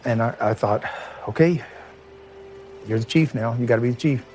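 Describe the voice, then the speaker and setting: A middle-aged man from Kentucky, a former police chief, speaks plainly and emotionally in an interview, often pausing and restarting his sentences. His pitch sits in a middling range, and soft music plays faintly beneath him. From Kentucky, USA. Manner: plain-spoken, halting, emotional. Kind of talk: interview recollection.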